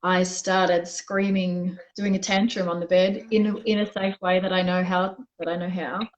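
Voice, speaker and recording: A woman's voice: fairly low pitch, level tone, unhurried, lo-fi sound. A woman being interviewed as a guest, telling a personal story in a candid, reflective way and often restarting her sentences. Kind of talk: conversational interview.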